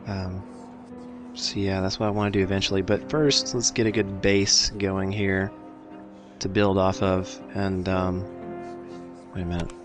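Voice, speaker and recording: A man talks slowly through his gameplay, casual and self-deprecating, thinking aloud as he goes. His voice sits a little low, and faint game music plays behind him. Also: flat delivery. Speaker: let's play host.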